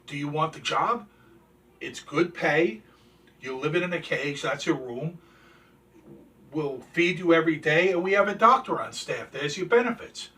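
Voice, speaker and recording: A matter-of-fact male zookeeper lays out a job offer in a plain, businesslike tone, as a male storyteller voices him. The voice sits fairly high for a man and is recorded a little away from the mic. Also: normal speed, bright, forceful tone. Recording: distant from the mic.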